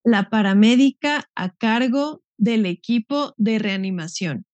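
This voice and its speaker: A woman who reads model phrases aloud for learners, slowly and deliberately. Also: a little high, lively intonation, darkish tone, no room sound. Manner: slow, deliberate phrase reading.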